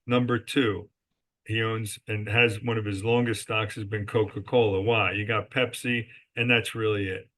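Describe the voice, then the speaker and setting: A man on the low side of pitch speaks at normal speed with a flat, slightly bright delivery. Interviewed as a podcast guest, the resort company executive emphatically shares business stories and fields his own rhetorical questions.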